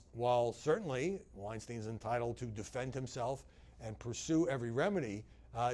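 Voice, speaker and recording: A man delivering news commentary as a media commentator, measured and analytical, with frequent "uh" fillers. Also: on the high side, a little mellow.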